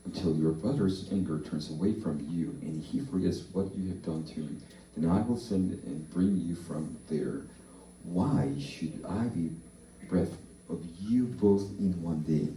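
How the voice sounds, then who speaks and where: A man leading a slow, deliberate responsive reading of scripture in a church service. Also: deep voice, warm tone. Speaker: pastor. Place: church hall. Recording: echoey church hall from far off.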